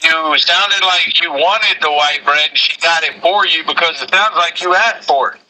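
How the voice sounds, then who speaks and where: Very bright, teasing man. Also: a little high, normal speed, rough recording. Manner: teasing, needling. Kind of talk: casual teasing banter.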